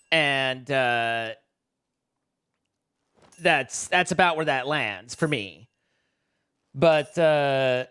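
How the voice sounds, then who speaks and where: A man's voice: medium pitch, sharp tone, clean tone. Rambling American man streamer. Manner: rambling, self-interrupting, joking with chat. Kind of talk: casual live-stream chat.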